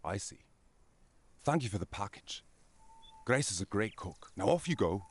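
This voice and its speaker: A man's voice: big pitch swings, normal speed, breathy edge. An actor with a German accent playing a terse, commanding male forester hunting poachers in a game. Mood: stern. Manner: terse, commanding, low-voiced.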